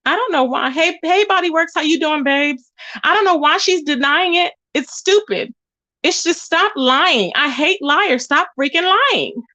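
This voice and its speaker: Young woman livestreaming off her phone, high voice, dry close sound, gossipy and chatty, aave. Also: expressive, a little slow, bright, forceful tone, dry recording. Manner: chatty, greets viewers with pet names. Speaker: livestream host.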